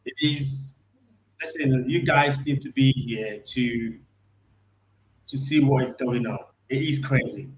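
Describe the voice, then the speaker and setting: A hoarse man calling in as a guest on a fan show. He sounds elated, keeps repeating himself and talks haltingly with many ums. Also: mid-range voice, reverberant, slight background noise, rough recording. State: hoarse from screaming. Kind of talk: casual chat.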